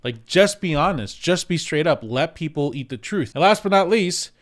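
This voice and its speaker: A man who works as a real estate agent, giving casual advice to camera in an animated way, repeating words for emphasis and acting out quotes. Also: fairly high pitch, normal speed. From United States.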